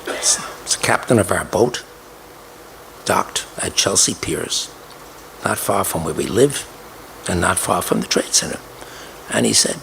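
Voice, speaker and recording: Older man telling a story, gravelly voice. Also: sits low, a bit bright, a little hiss or hum, low-quality recording. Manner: deliberate, repeats key details for emphasis. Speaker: speaker recounting a personal story. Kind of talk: storytelling speech.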